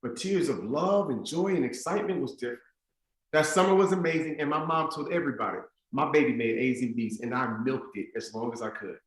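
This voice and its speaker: A man giving a motivational keynote to school staff, telling a story in an animated, conversational way, heard with an echoey stadium sound. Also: medium pitch, a little fast. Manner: animated, conversational storytelling with lots of "like" and "you know what I'm saying". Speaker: motivational speaker.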